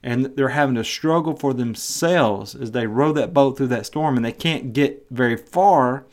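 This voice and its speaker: A man's voice: medium pitch, moderate pace. A man teaching a Bible passage on his podcast, earnest, acting out the quoted voices, with some stumbling restarts. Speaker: podcast preacher.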